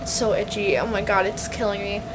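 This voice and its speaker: A woman's voice: medium pitch, fairly even intonation, a little fast. A young woman chatting casually in a reading vlog at home, candid and exasperated, swearing freely. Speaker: book vlogger. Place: home, indoors. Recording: faint room noise from the air conditioner. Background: faint air conditioner hum.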